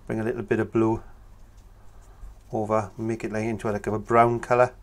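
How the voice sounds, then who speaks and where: A man, talking through a painting tutorial in a relaxed, chatty way as he works. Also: fairly low pitch, moderate pace. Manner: relaxed, chatty, talks while working. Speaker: painting instructor.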